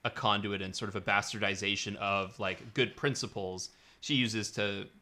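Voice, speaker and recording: A man's voice: fairly low pitch, fairly even intonation, normal speed, pushed and bright. A man co-hosting a podcast, chatting casually about a series and often repeating words as he searches for what to say. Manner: rambling, repeats words while searching for them. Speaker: podcast co-host. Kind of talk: casual film discussion.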